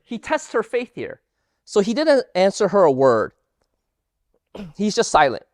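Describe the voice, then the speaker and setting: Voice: mid-range voice, measured pace, no room sound, studio quality. A Bible teacher giving an emphatic lesson and firing rhetorical questions at the audience. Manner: animated, emphatic delivery.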